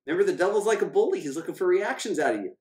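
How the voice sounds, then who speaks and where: A man, a financial coach, giving an emphatic motivational scripture talk, repeating key phrases and slowing down to read verses. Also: high voice, lively intonation, darkish tone. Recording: echoey room.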